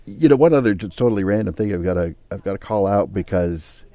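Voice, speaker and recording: A man with a very low, dark and mellow voice, chatting casually. He drifts into playful, self-mocking tangents and dry jokes. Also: expressive, fast talker, no room sound, dull audio. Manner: playful, self-deprecating asides. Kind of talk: casual chat.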